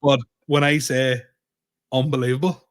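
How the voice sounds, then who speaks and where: A comedian co-hosting a podcast tells a story in casual chat, acting out both sides of the dialogue and swearing plenty. His medium-pitched voice is clean in tone, flat in delivery, and normal in speed.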